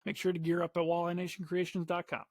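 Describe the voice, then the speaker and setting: A man's voice: sits high, completely flat delivery, quick pace, dry recording. A man hosting a casual podcast interview, laid-back and encouraging, who also reads a sponsor spot. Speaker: podcast host.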